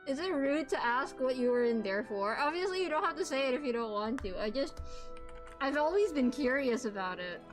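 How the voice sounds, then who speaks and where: A woman's voice: sits high, fairly quick, music in the background. A young adult woman streaming a game, chatting casually and animatedly with her viewers at a desk microphone. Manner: chatty and animated, talks to her chat, exclaims often. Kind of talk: casual gaming livestream chat.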